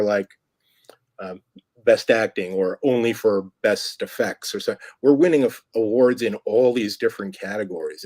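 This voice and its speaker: A man from Staten Island with a faint New York accent, a filmmaker guest chatting in a relaxed way on an interview show. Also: fairly low pitch, no room sound. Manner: relaxed and chatty, with many fillers. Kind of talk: casual interview chat.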